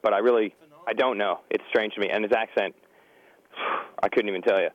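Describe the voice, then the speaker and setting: A man talking as a guest on a podcast, candid and relaxed. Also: fairly low pitch, fairly quick, dull audio. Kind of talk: casual chat.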